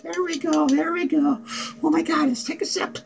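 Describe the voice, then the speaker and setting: A man's voice: extremely high pitch, steady tone, normal speed, vocal fry, soft background music, exaggerated voice, low-quality recording. A man playing a manic, unhinged male clown who rambles giddily and crudely in a comedic character vlog, cackling and swearing. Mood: giddy. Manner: cackling, profane, giddy rambling.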